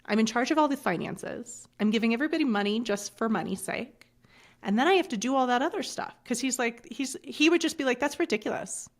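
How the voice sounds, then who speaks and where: A middle-aged woman, a podcast guest, briskly recounts a personal story in a fairly high voice. Blunt and animated, she swears freely and acts out other people's lines in this candid, conversational storytelling.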